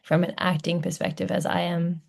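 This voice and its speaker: A woman's voice: on the low side, level tone, brisk, gravelly. A woman with an Australian accent, an actor and writer guesting on a podcast, talking in a reflective, considered way. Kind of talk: casual podcast interview.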